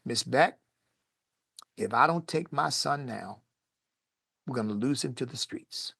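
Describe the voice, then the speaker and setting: A man voicing a stern, resolute father who speaks low, quiet and measured. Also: creaky, breathy edge, dry recording, studio quality, heavily acted. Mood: firm, calm.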